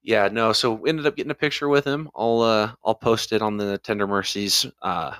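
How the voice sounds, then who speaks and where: Relaxed low-voiced male podcast host. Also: normal speed, clean tone, no echo, studio quality. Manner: storytelling, reading listener reviews aloud. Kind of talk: casual podcast chat.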